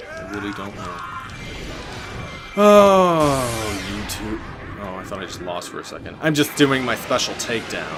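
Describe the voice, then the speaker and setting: A man in his twenties doing casual, rambling gameplay commentary with deadpan jokes, button clicks audible. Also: fairly low pitch. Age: 20s. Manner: joking, rambling, deadpan absurd asides. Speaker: gaming channel host. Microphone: desk mic with button clicks heard. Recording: game music under the voice. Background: game music.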